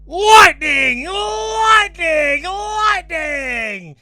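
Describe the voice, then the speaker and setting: A wild, shrieking oddball yelling storm sounds, as an Australian man puts him on. His voice jumps far above the teller's own into a bright, strained shout. It is pure comic joke-telling. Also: very high voice, very animated, extremely slow, pitched above the performer's own voice, exaggerated voice. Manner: shouting, jokey storytelling voice. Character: odd man shouting weather noises in bed.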